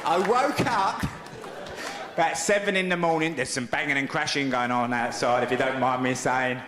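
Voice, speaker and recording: A man's voice: mid-range voice, normal speed. A middle-aged man doing stand-up, telling a story conversationally and acting out the other voices. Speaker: stand-up comedian. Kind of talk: stand-up routine. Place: large comedy venue. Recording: echoey live venue with loud crowd.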